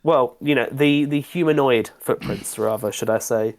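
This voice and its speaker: A man narrating a tabletop role-playing game as its game master. His pitch sits in the middle, and he tells the scene loosely, with plenty of restarts and fillers. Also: normal speed.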